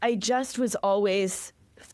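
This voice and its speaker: A middle-aged woman from Massachusetts, a podcast guest, chatting in an animated, rambling way that often interrupts itself. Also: medium pitch, takes it slowly, no echo. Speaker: podcast guest, comedy founder. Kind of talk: casual interview chat.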